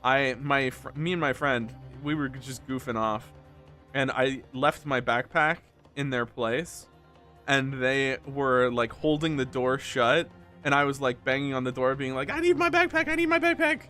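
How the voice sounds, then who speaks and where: Animated young man telling a story. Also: mid-range voice, measured pace, faint music behind. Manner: animated rambling storyteller, laughs often. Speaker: game streamer. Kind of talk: casual let's-play chat.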